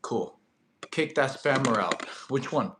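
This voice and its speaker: A man's voice: mid-range voice, lively intonation, slow, echoey room, noisy background. A young man from Russia, a fitness streamer, chatting casually with viewers in a loose, slangy way with many fillers and restarts. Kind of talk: casual live-stream chat reading viewer questions.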